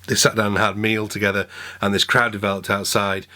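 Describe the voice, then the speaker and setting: A man's voice: lowish voice, flat delivery, fast, sharp tone. A man telling stories in a chatty, joking way for his vlog. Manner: chatty, jokey. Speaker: vlogger and saxophonist. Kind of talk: casual vlog storytelling. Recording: outdoor street and traffic noise.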